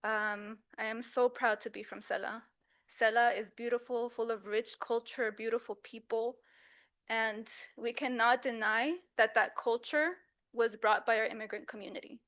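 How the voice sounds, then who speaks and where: A woman's voice: a little high, steady tone, normal speed, fairly bright tone. A woman from Southeast Los Angeles giving an emotional public comment at a council meeting, earnest and pleading, with frequent ums. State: emotional, voice wavering at times.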